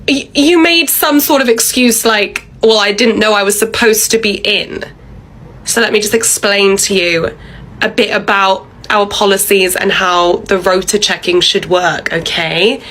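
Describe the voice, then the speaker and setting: A woman's voice: medium pitch, a bit bright, low-quality recording. A woman playing a bossy, entitled female pub manager who talks down to her staff in a condescending way. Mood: patronizing. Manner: condescending, patronizing, relentless. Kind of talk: comedy sketch acting.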